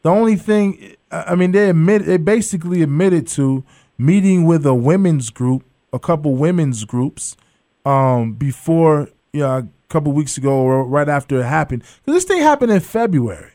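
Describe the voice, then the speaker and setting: Radio host guy, bit high voice, loose and playful, lots of restarts. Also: expressive, normal speed, dark tone, no echo, studio quality. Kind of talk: sports talk radio.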